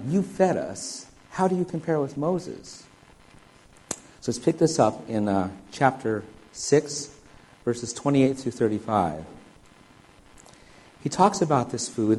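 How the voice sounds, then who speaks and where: A man's voice: medium pitch, dark tone, a little hiss or hum, poor audio. A man preaching a sermon, reading scripture aloud and explaining it verse by verse. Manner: expository, reads scripture aloud then explains it. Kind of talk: sermon, Bible teaching.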